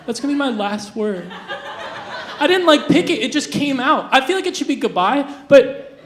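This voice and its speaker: A young adult stand-up comedian on a live stage, delivering absurd jokes deadpan with hesitant restarts and lots of fillers. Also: sits high, normal speed, crowd noise. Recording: roomy live venue sound.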